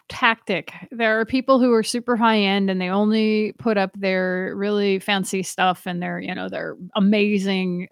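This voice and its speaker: A woman's voice: medium pitch, smooth, no echo. A woman in her fifties, a diver educator, talks animatedly in an interview, laughing often. She trails off, restarts and circles back. Her voice sits in a middle register, recorded dry and close with no room sound. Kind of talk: casual interview chat.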